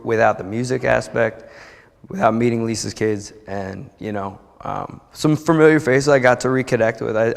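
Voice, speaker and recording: A young man from New Jersey, a church member, tells a heartfelt personal testimony in the sanctuary at a service, rambling chattily and restarting many times. His medium-pitched voice has vocal fry, and the recording carries a church hall's long reverb.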